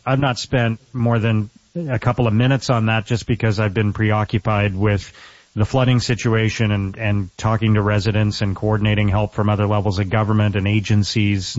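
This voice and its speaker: Middle-aged mayor guy calling in, lowish voice, earnest, dry dull phone sound. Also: no echo. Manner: earnest and measured, with many restarts. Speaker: mayor, radio guest. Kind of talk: radio interview.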